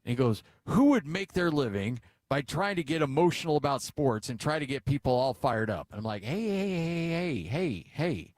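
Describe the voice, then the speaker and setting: A middle-aged American man hosts a sports talk show in a chatty, storytelling way. His voice sits at a middle pitch, and the booth sound is dry and close. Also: expressive, brisk, hardly any pauses, no echo. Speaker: sports radio host.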